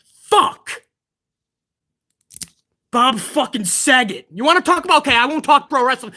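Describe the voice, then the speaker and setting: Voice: high-pitched, measured pace, pauses often. A livestream host of a pro wrestling channel ranting heatedly, swearing often. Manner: excitable. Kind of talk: livestream rant.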